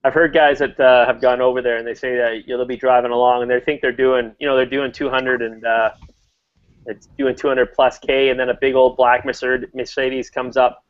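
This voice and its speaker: A man's voice: mid-range voice, little pitch movement, a little fast, muffled recording. A man hosting a casual motorcycle chat, talking in a rambling way with lots of fillers and restarts.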